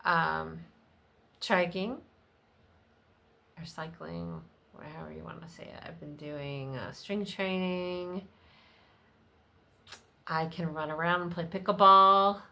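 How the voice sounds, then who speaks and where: A middle-aged woman with a notably low voice chats unfiltered in a personal vlog. She rambles, drops fillers and swears freely, and now and then jumps much higher to act out what others said to her. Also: fairly even intonation, slow, vocal fry, long pauses, bright, forceful tone, slight background noise. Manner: acts out other people's lines in a much higher voice. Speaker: vlogger. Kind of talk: unscripted personal vlog chat.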